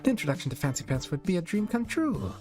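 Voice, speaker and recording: A man's voice: mid-range voice, sing-song, quick pace, a little mellow, soft background music, pitched above the performer's own voice, lightly acted. A man voicing a posh, dramatic adult mare who is a fashion designer, in a refined, theatrical manner. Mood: gushing.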